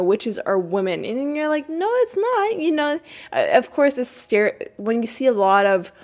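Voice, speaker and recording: Rambling woman podcast host recapping. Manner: rambling, many fillers and restarts; jumps high when quoting characters. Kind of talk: casual episode recap.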